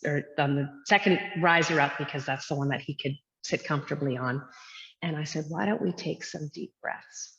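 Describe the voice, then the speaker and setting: Low-voiced woman yoga teacher, echoey room. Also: a bit bright. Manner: earnest, reflective, with frequent fillers. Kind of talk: casual interview talk. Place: her yoga studio. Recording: dull lo-fi sound with long echoey reverb.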